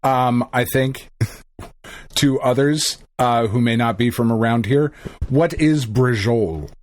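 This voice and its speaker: Slow-talking podcast man, dry sound. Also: medium pitch, no echo. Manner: short backchannels, casual swearing. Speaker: podcast co-host. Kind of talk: casual podcast chat.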